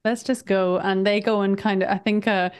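A woman's voice: medium pitch, fairly even intonation, normal speed, a little mellow, clean tone, no echo, clean studio sound. A woman co-hosting a podcast, recapping a game in casual, chatty talk, often laughing. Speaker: podcast co-host.

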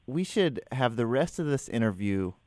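A man's voice: medium pitch, very animated, moderate pace, darkish tone, no room sound. A man hosting a radio advice show, chatting casually in a playful, joking way. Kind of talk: casual chat.

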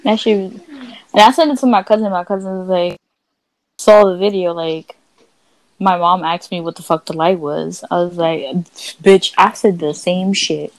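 A woman's voice: fairly low pitch, normal speed, dry recording, low-quality recording. A young woman co-hosting a podcast, telling ghost stories in a brash, profane, casual way and acting out what people said. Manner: brash and profane, animated quoting voices. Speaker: podcast co-host. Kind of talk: casual storytelling chat.

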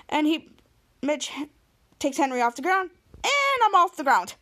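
A woman's voice: sits high, animated, normal speed, long pauses, a bit bright. A woman in her twenties, a podcast host, casually recapping a show in a rambling way with lots of restarts. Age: 20s. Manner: rambling, with many restarts and "he's like".

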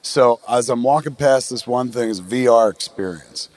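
A man's voice: medium pitch, moderate pace, darkish tone. A middle-aged man from New Jersey, hosting a podcast live on a theatre stage and telling a long, profane story with acted-out quotes. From New Jersey, USA. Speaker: podcast host.

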